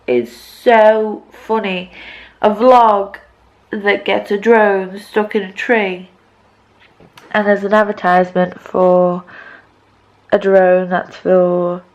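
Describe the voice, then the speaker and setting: A woman's voice: medium pitch, highs cut off. A woman in her twenties chatting casually to camera at home, rambling and self-mocking. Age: 20s. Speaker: vlogger. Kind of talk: casual vlog chat to camera. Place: at home indoors.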